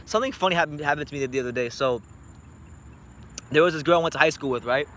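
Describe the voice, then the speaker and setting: A man's voice: on the high side, quick pace, fairly bright tone, slight background noise. A young man from South Florida, talking boxing in a blunt, profane, joking late-night vlog chat. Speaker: boxing YouTuber.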